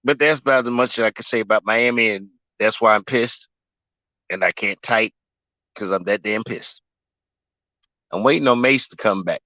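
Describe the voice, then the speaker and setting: A fuming man in his forties rants about his team on a sports livestream, swearing with heavy emphasis. His voice is bright and forceful. The sound is dry and somewhat muffled. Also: fairly low pitch, moderate pace, long pauses, dry recording. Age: 40s. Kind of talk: ranting sports livestream chat.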